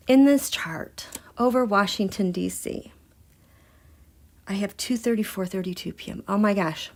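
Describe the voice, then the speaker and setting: A woman hosting a live astrology and tarot stream, gushing and excitable, dropping into hushed, near-whispered passages. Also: a little high. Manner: soft and slow, nearly whispering. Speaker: tarot and astrology livestream host.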